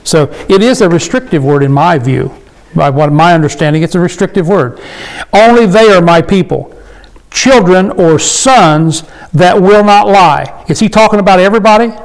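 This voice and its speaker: Man, high-pitched, informal Bible teacher, reads verses slowly, explains with questions. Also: rough recording. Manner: reads scripture slowly, then explains plainly with rhetorical questions.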